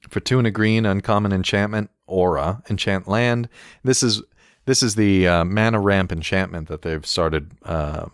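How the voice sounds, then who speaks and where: Deep-voiced wry man on a podcast. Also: dry recording, studio quality. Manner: wry, laughs often, reads card text aloud. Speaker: podcast co-host. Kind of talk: casual chat reviewing game cards.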